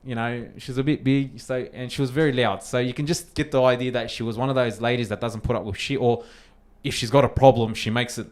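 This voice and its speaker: Fast-talking Australian guy telling a story. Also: mid-range voice. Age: young adult. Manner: animated, swears freely, acts out quotes. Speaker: podcast co-host. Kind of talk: casual storytelling chat.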